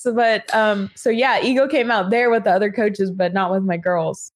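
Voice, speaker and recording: A woman, a guest in an interview, talking in a relaxed, laughing way in loose run-on sentences. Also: fairly high pitch, normal speed. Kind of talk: casual interview conversation.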